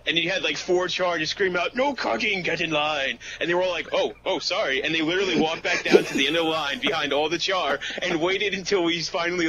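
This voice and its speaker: A man co-hosting a casual gaming podcast, enthusiastic and rambling, saying "like" and "literally" a lot. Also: fairly high pitch. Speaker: podcast co-host. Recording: dull lo-fi mic with faint noise.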